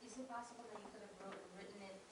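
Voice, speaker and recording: A woman's voice: medium pitch, steady tone, rapid-fire, husky. A woman student asking the teacher hesitant questions in a classroom.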